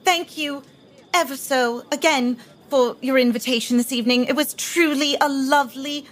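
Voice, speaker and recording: A woman voicing a flustered, hurried young noblewoman who stammers with Regency politeness. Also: high voice, fairly even intonation, close to an everyday voice. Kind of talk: actual-play character voice.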